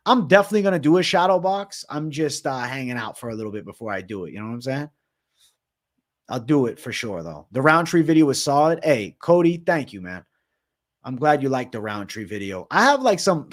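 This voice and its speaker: A young man running a casual MMA livestream Q&A, with a voice at an everyday mid male pitch. He swears often and drops slang like bro and dog, and he answers chat in a loose, offhand way. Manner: profane, slangy, calls viewers bro.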